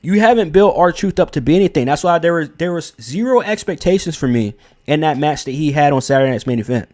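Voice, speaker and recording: A young man who hosts wrestling commentary gives his opinion in a casual, unscripted way, blunt, emphatic, and profane, restarting sentences and using fillers as he thinks aloud. His voice is a little higher than most men's, a little mellow, and he's animated and talks fast.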